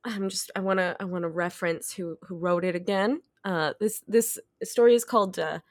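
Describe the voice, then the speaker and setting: A woman's voice: on the low side, fairly even intonation, normal speed, no echo, studio quality. Woman reacting on a comedy podcast. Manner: reactive, exclaiming. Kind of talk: casual reactions.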